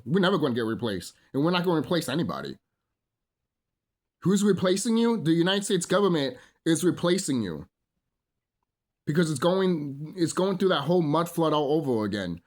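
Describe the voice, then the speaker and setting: A man ranting in a solo monologue, profane and rambling, full of fillers, preaching to his listeners as brothers and sisters. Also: fairly high pitch. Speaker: vlogger.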